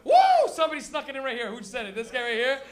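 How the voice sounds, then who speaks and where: Male stand-up host, crude and rambling, acts out bits; high, bright voice. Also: racing. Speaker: stand-up comedian and show host. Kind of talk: live stand-up comedy. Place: comedy venue before a live audience.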